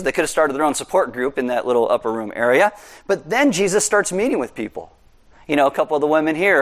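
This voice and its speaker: A man preaching a sermon as pastor, conversational and animated with jokey asides. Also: on the high side.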